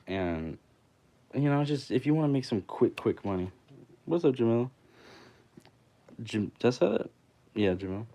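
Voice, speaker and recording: A man's voice: lowish voice, warm tone. A man hosting a livestream, telling a story in casual, blunt talk full of swearing and quoted dialogue. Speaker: livestream host.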